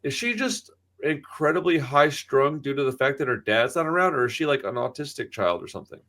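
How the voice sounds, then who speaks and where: A man's voice: mid-range voice, lively intonation, a little fast, a bit bright. Chatty, cursing man telling stories. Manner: profane storytelling, acts out quoted voices. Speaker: podcast co-host. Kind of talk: casual chat.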